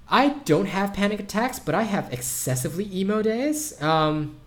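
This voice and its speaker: Joking man hosting a poetry stream. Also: fairly high pitch. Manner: joking, teasing, stammering restarts. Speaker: livestream poetry host. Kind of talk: casual livestream chat and poetry reading.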